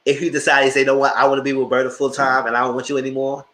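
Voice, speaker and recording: A man hosting a live show, giving animated, opinionated commentary on reality TV and talking straight to his viewers. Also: mid-range voice, very fast. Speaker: host reviewing reality TV.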